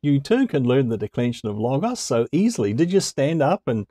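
A man explaining a language lesson to camera in a relaxed, conversational way, chuckling now and then. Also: medium pitch, fairly quick, no echo. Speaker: language teacher.

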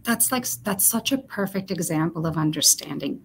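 Woman exec guest, lowish gravelly voice, reflective, thinks out loud. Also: lively intonation, normal speed, a little hiss or hum. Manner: reflective, thinks aloud with many fillers and restarts. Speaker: corporate talent executive, guest. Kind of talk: conversational interview.

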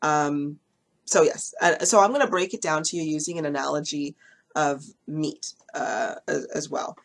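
A woman with a slightly low-pitched voice talks casually to camera about her hair extension business. She tells stories in a loose, chatty way, full of ums and restarts, and acts out the people she quotes. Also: normal speed, gravelly. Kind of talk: casual talking-head vlog.

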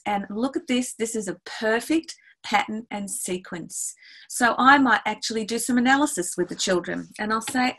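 A middle-aged woman teaching music explains her classroom activities step by step in a webinar, acting out the back-and-forth with her class. Her voice is fairly high and a bit bright, and the recording is low quality.

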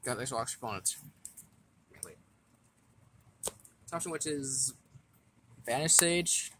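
Casual man, mid-pitch, talking through a card deck, stumbles and restarts as he reads. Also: lively intonation, slow, a bit bright, slight background noise. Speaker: card game deck explainer.

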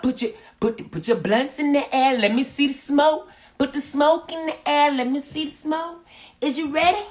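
A man hosting a livestream, loud and hyped, swearing and shouting to his viewers. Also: very high-pitched, moderate pace. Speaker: livestream host.

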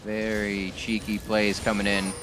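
A man doing play-by-play commentary on an esports match, whose voice jumps high and loud when fights break out. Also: a little slow, background noise. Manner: erupts into high-pitched excitement during fights. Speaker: esports caster.

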